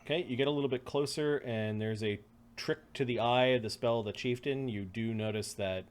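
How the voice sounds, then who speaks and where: A man running a tabletop game as game master, narrating calmly with the odd chuckle. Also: medium pitch, brisk. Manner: relaxed, matter-of-fact with chuckles.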